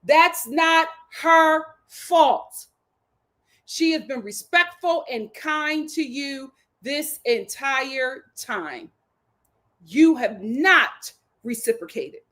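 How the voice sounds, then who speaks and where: A woman with a bright, high voice recapping a dating show on a live stream. She is sassy and dramatic, leaning on slang. She calls out the contestants as if they could hear her. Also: animated, extremely slow. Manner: speaks directly to the people she discusses. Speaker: reality TV review host.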